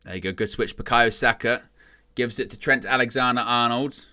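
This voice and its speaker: Male watchalong commentator, bright edge, casual and wry, loud bursts at chances. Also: medium pitch, normal speed. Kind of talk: casual live match commentary.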